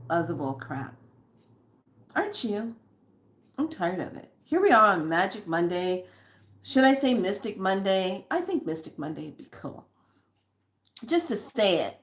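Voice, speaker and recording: A middle-aged woman chatting casually on a spiritual livestream, laughing often and reading slowly with drawn-out words. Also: medium pitch, fairly bright tone.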